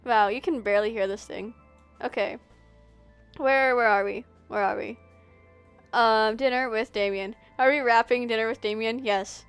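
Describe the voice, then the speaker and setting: A woman's voice: fairly high pitch, fairly even intonation, normal speed, clear, resonant tone, soft background music. A woman streamer reading a visual novel aloud, speed-reading with giggly asides to chat.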